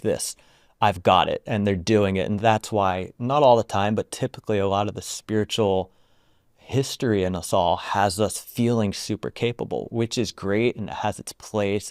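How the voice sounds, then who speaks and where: Soft-spoken low-voiced man, dry sound. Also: clean tone, no echo. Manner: soft-spoken, halting, full of "like". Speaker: retreat founder and guest. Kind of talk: reflective interview storytelling.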